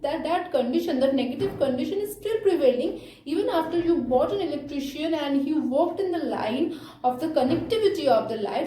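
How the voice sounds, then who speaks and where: A woman teaching an English grammar lesson, explaining slowly with frequent fillers and check-ins like "okay?". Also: high-pitched, mellow, echoey room, slight background noise, low-quality recording.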